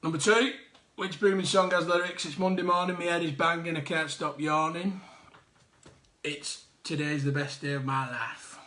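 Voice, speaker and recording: A man's voice: on the high side, steady tone, normal speed, pushed and bright. A man hosting a live online quiz, reading out answers with jokey, chatty asides. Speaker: quiz host.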